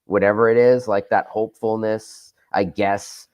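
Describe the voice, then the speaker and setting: A man's voice: lowish voice, little pitch movement, moderate pace, a little mellow, clear, resonant tone. A man in casual chat, rambling and searching for his words as he makes a point. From Boston area.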